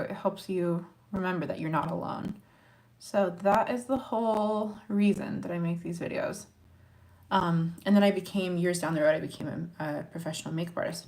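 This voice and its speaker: A young woman from Montana chatting to her viewers in a casual makeup tutorial, encouraging and talking while she works. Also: fairly low pitch. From Montana, USA. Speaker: makeup vlogger.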